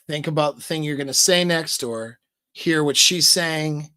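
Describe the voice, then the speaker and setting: A man with a bright, clear, somewhat higher voice talks through advice in a loose, conversational way. He slows down deliberately to show his point. The sound is close and dry. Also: no room sound. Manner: relaxed, conversational, slows down to demonstrate. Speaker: dating and voice coach. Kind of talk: casual advice talk.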